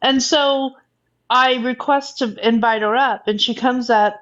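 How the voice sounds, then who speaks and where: A woman with a slightly high voice tells a story on a phone livestream. She talks in a loose, animated way, full of fillers and blunt swearing. The audio is muffled and lo-fi. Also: unhurried. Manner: animated retelling with profanity and fillers. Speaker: livestream host. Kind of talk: casual storytelling chat.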